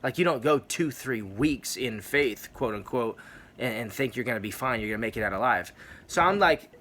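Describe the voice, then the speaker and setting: This is a man telling his own faith testimony in a personal video. He talks earnestly and rambles, circling back and repeating key phrases as he goes. His voice sits at a plain middle pitch. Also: lively intonation, normal speed, a bit bright, slight background noise. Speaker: Christian testimony vlogger.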